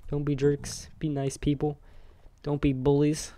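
A young man giving chatty, excitable let's-play commentary, joking and talking to his viewers as he plays. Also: fairly high pitch, a little slow. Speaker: gamer.

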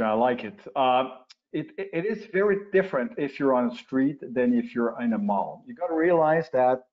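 Speaking over a video call, an older man from Quebec, Canada, who is a guest expert on retail, gives explanatory answers in a webinar interview. He restarts often and says "uh" a lot, and his medium-pitched voice comes through lo-fi call audio.

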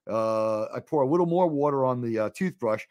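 A man hosting a casual live podcast, talking in an animated, exasperated way with frequent swearing. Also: fairly quick, no room sound. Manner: animated, swears often, jumps to high exasperated pitch. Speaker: host.

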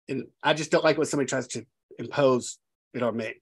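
A woman's voice: extremely low pitch, fast talker, breathy edge. A woman host with a Southern American accent, chatting casually with jokes and self-deprecating asides. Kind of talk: casual chat.

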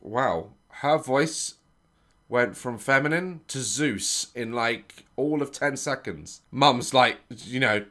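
A man's voice: mid-range voice, lively intonation, a little slow, a bit bright. A man in his thirties, hosting a reaction video and telling a sweary, comic story in casual chat.

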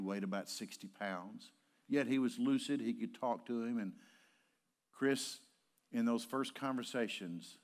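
An older man, a pastor, preaching a sermon and telling stories, at times rising to impassioned shouting. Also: lowish voice. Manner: storytelling, building to impassioned shouting. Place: church sanctuary.

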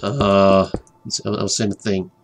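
A man's voice: deep voice, slow, slight background noise. Rambling man narrating a game. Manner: rambling, repeats words, gets distracted and whispers excitedly. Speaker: gaming commentator. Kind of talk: rambling let's-play commentary.

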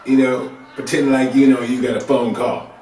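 This comedian speaks at a normal speed in a mid-range voice, his stand-up loose, colloquial and lively in its swings. Recorded from a distance in the club, the sound is roomy with slight background noise.

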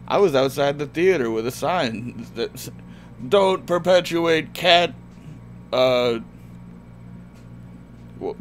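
A man streaming live in character as a crude, cat-hating talking dog, ranting with bursts of yelling. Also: medium pitch, slight background noise, lightly acted. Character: gruff cat-hating talking dog, adult male, easily angered.

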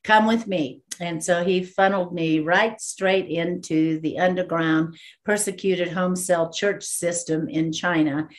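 A guest minister from Texas, USA, tells her story in an interview, acting out the dialogue in a lively way and laughing often. Her voice has a fairly low pitch and an unhurried pace.

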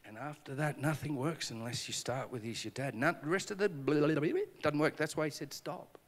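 A man's voice: a little high, brisk, in a large hall. A male pastor giving a conference sermon, telling stories with acted-out dialogue and self-deprecating humor. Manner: animated storytelling with acted dialogue. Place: conference hall.

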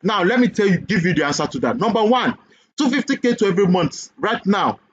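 A man with a Nigerian accent giving a sales webinar pitch for an online business course, persuasive and full of repeated questions and "okay?" checks. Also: lively intonation, brisk, breathy edge, highs cut off.

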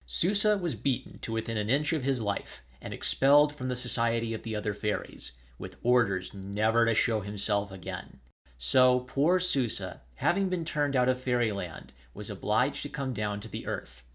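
A man reading an old fairy tale aloud in a measured storytelling manner. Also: mid-range voice, animated, fairly bright tone.

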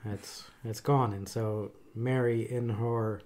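A middle-aged man who works as a chaplain, talking in a thoughtful, halting way with many pauses and fillers. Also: lowish voice, steady tone, a little mellow. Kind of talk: casual conversation.

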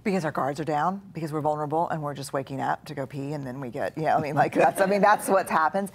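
Low-voiced woman, earnest and reflective. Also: quick pace, slightly rough. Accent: Texan. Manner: earnest, reflective, drops to soft quiet tones. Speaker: guest speaker. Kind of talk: live conversation.

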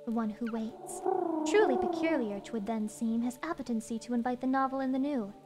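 A woman voicing a solemn ancient owl oracle from a game, reading archaic lines slowly and gravely. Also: a little high, over loud music, pitched below the performer's own voice, close to an everyday voice. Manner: slow, grave, archaic recitation. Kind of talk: reading game dialogue aloud in character.

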